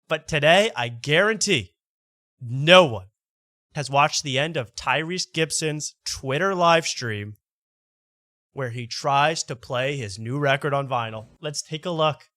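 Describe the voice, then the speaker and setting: A man's voice: fairly high pitch, a little slow, sharp tone, no room sound, studio quality. A man hosting a late-night show, talking in a rambling way that keeps interrupting itself and stumbling over repeated words. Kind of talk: casual late-night monologue.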